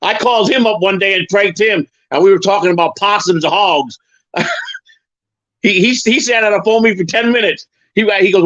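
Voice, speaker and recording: A man's voice: sits high, fairly quick, a bit bright, no room sound. A man chatting casually on a live stream, rambling through stories and stumbling over repeated words. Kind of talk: casual chat. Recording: dull lo-fi sound.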